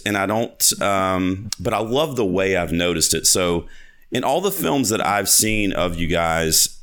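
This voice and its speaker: A man's voice: sits low, a bit bright. A man hosting a podcast interview, chatting casually and enthusiastically, rambling with lots of fillers and restarts. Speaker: podcast host.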